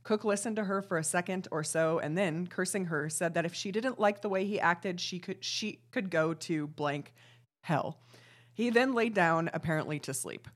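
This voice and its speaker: A woman's voice: fairly low pitch, moderate pace. A woman co-hosting a true-crime chat, reading old articles aloud with dry, sarcastic asides. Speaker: podcast co-host.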